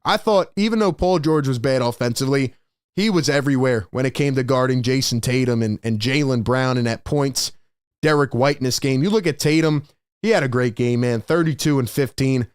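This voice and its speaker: A man hosting a live postgame sports talk stream, talking in an animated, rhetorical way and often calling his listeners "man". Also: medium pitch, a little fast, clean tone, no echo, clean studio sound. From Philadelphia area.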